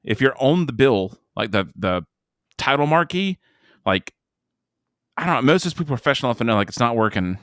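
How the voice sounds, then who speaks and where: A man co-hosting a casual movie review podcast, rambling and animated, breaking into mocking impressions. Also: mid-range voice, a little fast, pauses often, no room sound, studio quality. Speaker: podcast co-host.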